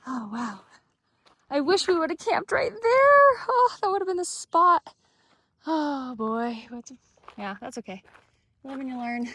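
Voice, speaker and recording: A woman's voice: high voice, sing-song, unhurried, pauses often, pushed and bright, dry recording. A woman vlogging on a desert mountain trail, chatty and exclaiming often at the views while she walks with a handheld camera. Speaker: thru-hiker vlogger. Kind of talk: casual trail vlog narration.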